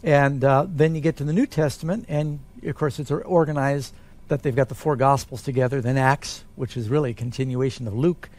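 A man, a pastor, answering Bible questions in a relaxed, conversational way. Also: medium pitch, a little fast.

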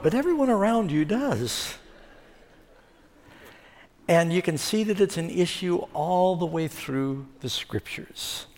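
A man's voice: on the high side, darkish tone, in a large hall. A man preaching a sermon as the pastor, in a folksy, conversational storytelling manner.

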